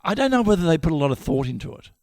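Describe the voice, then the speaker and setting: A man's voice: sing-song, racing, a little mellow, dry recording, clean studio sound. An older Australian man, a podcast host telling stories in a casual chat, acting out voices. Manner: storytelling, acts out voices with high yelps.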